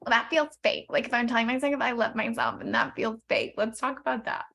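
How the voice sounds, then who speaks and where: A young woman talks candidly as host of a casual podcast conversation. Her voice sits a bit high, and her delivery is animated and frank, with the odd swear word tossed in. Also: a little fast, creaky.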